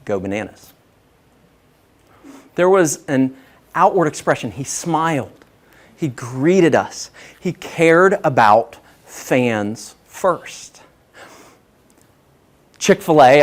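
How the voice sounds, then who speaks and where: Man, guest speaker, self-deprecating storyteller, slightly high, very animated delivery. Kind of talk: humorous business talk to an audience.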